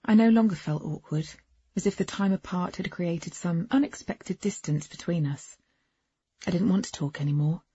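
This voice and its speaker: Husky woman reading a novel. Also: on the low side, normal speed, dark tone, no room sound. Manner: intimate, wry storytelling. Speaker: audiobook narrator. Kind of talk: first-person novel narration. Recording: dull, dry lo-fi recording.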